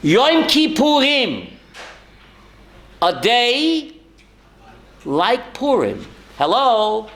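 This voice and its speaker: Animated high-voiced rabbi teaching a class. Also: male voice, very slow, long pauses. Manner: animated, calls on listeners by name, rhetorical questions. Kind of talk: Torah class to a live audience.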